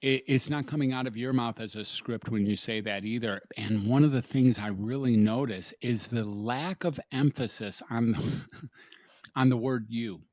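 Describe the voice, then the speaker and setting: A man hosting a podcast, talking in a thoughtful, halting way, often repeating words as he thinks. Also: mid-range voice, darkish tone, no echo. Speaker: podcast host, doctor. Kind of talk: casual interview chat.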